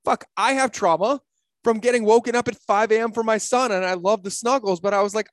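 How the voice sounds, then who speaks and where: Guesting on a casual podcast chat, a middle-aged man with a slightly high voice tells his stories in a blunt, forceful, profane way. He talks a little fast, and the audio is close and dry, without any echo.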